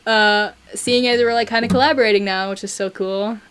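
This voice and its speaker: A woman's voice: medium pitch, fairly quick, clean tone. Chatty woman streamer from Buffalo. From Buffalo, New York. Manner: chatty, excitable, reads viewer chat aloud. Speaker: musician streamer. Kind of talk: casual live-stream chat.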